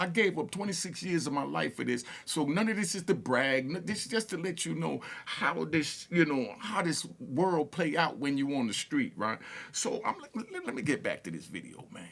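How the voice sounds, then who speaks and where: A man's voice: fairly high pitch, vocal fry, fairly bright tone. A man from Harlem, casually telling street stories with stammered restarts and laughter. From Harlem, New York. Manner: laid-back, repetitive, stammering restarts and laughs. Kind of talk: casual storytelling.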